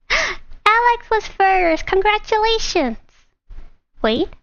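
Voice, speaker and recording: Giggly high-voiced woman streamer. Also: extremely slow, vocal fry, no echo, dull audio. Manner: giggly and excitable, greeting chat. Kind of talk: casual live-stream chat.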